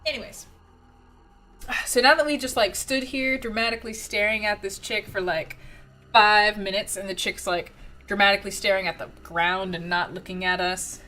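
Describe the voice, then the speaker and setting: A woman streamer chats casually and excitably while she plays a story game, often talking to herself. Her voice is bright and crisp, and faint game music plays underneath. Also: medium pitch, moderate pace. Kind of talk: casual let's play commentary.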